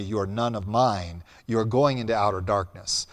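A man preaching a sermon as pastor, blunt and emphatic, swinging between loud and soft. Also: lowish voice, moderate pace. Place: church hall. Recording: long hall reverb.

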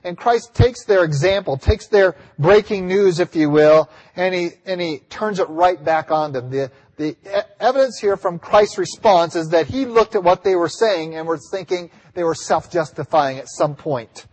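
A male pastor preaching a sermon, emphatic and building to near-shouts on key points. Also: sits high, normal speed, few pauses. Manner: emphatic, rising to near-yells on key lines. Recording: long hall reverb.

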